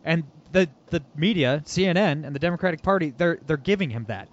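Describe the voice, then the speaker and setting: A man hosts a political podcast in a fairly high, animated voice, quick to mock and laugh. The audio sounds dull and lo-fi. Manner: animated, mocking, laughs often. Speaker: podcast host. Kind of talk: casual political podcast chat.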